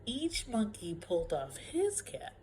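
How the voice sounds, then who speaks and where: Lively woman reading a picture book aloud. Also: mid-range voice, slow, a little hiss or hum, rough recording. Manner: expressive, playful, drops to whispers. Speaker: storyteller.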